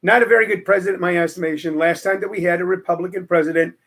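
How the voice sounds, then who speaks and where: A man's voice: sits high, steady tone, very fast, a bit bright. A middle-aged man hosting a show, telling stories and giving opinions in a rambling casual way with many fillers. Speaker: host. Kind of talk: casual storytelling chat.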